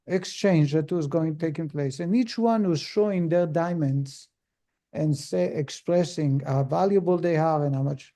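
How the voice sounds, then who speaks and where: Mellow-voiced rabbi telling a story. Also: male voice, fairly high pitch. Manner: acts out characters in the story, with frequent restarts and filler words. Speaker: rabbi teaching a Torah lesson. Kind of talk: storytelling in a lesson.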